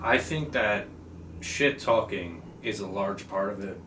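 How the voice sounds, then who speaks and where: A man's voice: lowish voice, expressive, a little slow, pushed and bright, reverberant, distant mic, soft background music. A man co-hosting a casual chat podcast, crude and wisecracking. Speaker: podcast co-host.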